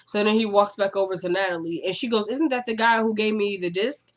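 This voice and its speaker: A woman casually recapping a TV episode, chatting and acting out the characters' lines in quick quotes, with exasperated asides. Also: mid-range voice.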